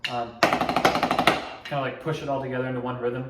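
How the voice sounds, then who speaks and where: A man's voice: medium pitch, normal speed, loud music behind the voice. A young man casually teaching drumline parts step by step, scatting rhythms as he explains. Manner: relaxed, explains step by step, scats drum rhythms. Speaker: drumline instructor. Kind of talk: casual instructional tutorial. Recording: echoey room, mic at a distance, loud noise.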